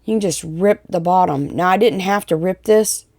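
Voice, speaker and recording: A woman's voice: on the low side, moderate pace, a little mellow, dry recording, studio quality. A woman hosting a DIY craft tutorial, chatting casually, rambling and correcting herself as she works. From Tennessee. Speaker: DIY crafting channel host.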